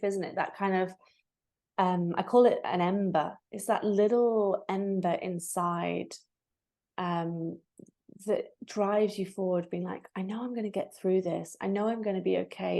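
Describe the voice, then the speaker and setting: A woman, a guest on a podcast, talking about emotions in a warm, animated way, often saying "like" and "you know". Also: mid-range voice, creaky. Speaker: guest, breathwork facilitator. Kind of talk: casual interview chat.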